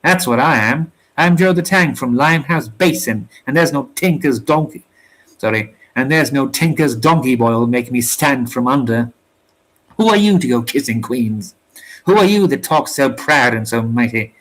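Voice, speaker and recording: A man reading aloud, voicing a proud, cocky sailor who scorns his rival in rough sailor's slang. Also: mid-range voice, expressive, normal speed, a bit bright, rough recording. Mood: scornful boasting. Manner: rough sailor's slang, mocking put-downs. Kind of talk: storybook reading.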